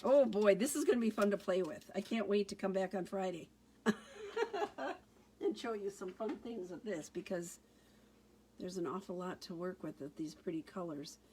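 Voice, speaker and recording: A woman's voice: medium pitch, expressive, normal speed, warm tone, slight background noise. A woman giving a casual card-making tutorial, chatting through each step as she works.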